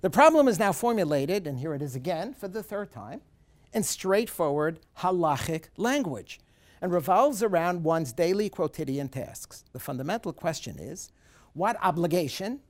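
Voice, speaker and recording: A woman's voice: deep voice, darkish tone. A woman giving a course lecture, emphatic and repetitive, who acts out questions in the first person. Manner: emphatic, repeats key points.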